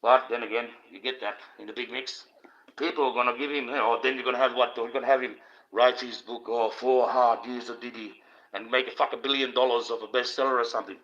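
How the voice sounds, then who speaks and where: A man's voice: mid-range voice, steady tone, fast, a bit bright. A man from Australia who hosts a livestream and gives a profane, rambling monologue, swearing often and repeating himself. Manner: coarse, swearing, repetitive ranting. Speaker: livestream host. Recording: dull lo-fi stream audio.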